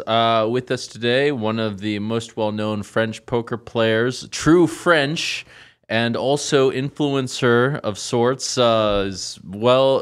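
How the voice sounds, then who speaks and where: A man hosting a podcast, asking loose questions in a relaxed interview with frequent fillers. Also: mid-range voice, clean tone. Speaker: podcast host. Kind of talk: casual interview.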